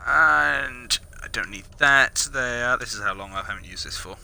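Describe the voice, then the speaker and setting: A man reviews a video game while playing, chatting casually, muttering asides under his breath and tossing in playful exclamations. His medium-pitched voice is creaky, bright and forceful, with lively intonation and a slightly slow pace. There's noticeable background noise.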